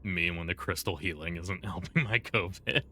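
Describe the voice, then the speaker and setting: A man's voice: sits low, moderate pace, bright, forceful tone, a little hiss or hum. A man streaming a video game live, commenting in a dry, sarcastic way.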